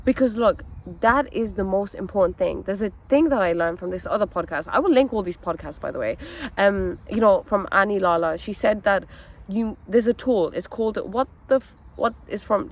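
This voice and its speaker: A young woman telling a personal story in a candid vlog, earnest and animated, peppering her talk with fillers and "okay?" asides. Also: mid-range voice. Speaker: wellness content creator.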